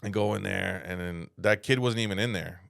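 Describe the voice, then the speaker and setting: A man's voice: deep voice, a little fast, vocal fry, fairly bright tone, dry recording, clean studio sound. A man from San Antonio, Texas, telling rambling, profane stories as a comedian on a casual podcast. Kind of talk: casual storytelling chat.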